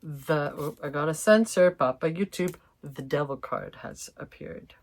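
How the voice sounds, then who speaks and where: A woman with a low voice reads tarot cards for her viewers, talking unhurriedly. Her delivery is chatty and informal, with mild swearing. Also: unhurried. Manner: chatty, swears mildly, laughs, addresses viewers as fam. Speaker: tarot reader. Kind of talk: casual intuitive tarot reading.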